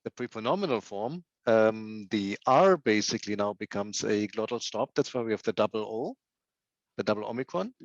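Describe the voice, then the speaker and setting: Male student, careful step-by-step explaining, mid-pitched voice, dry muffled call audio. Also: lively intonation, normal speed, dry recording. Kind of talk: answering in class. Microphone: video call.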